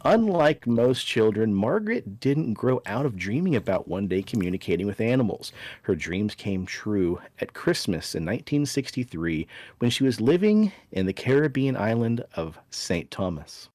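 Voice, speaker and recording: A man's voice: fairly low pitch, big pitch swings, normal speed, a little mellow, no echo. A man hosting a podcast, telling a story in a playful, dry way. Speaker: podcast host.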